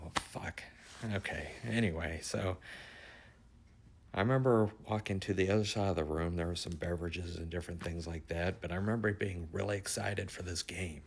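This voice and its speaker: A man's voice: deep voice, creaky. A middle-aged man casually retelling a strange dream, rambling and swearing freely as he goes. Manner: rambling, swears freely, grows more excited toward the end. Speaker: dream storyteller.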